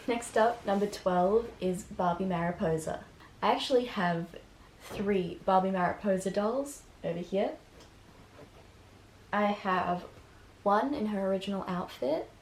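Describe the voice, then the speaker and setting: A woman's voice: medium pitch, darkish tone. Chatty young woman reviewing movies. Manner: enthusiastic, chatty, swears, laughs often. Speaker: video host. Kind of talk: casual review vlog. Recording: echoey room.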